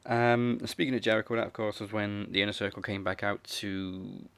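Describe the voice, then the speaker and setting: A man's voice: lowish voice, fairly even intonation, moderate pace, gravelly, a bit bright, clean tone, dry recording. A man co-hosting a wrestling podcast, recapping events in a laid-back casual chat full of fillers. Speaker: podcast co-host.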